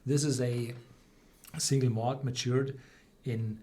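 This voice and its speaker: A man hosting a live whisky tasting, explaining slowly with many fillers and restarts. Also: medium pitch, level tone, mellow. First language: German. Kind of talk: live-stream tasting chat.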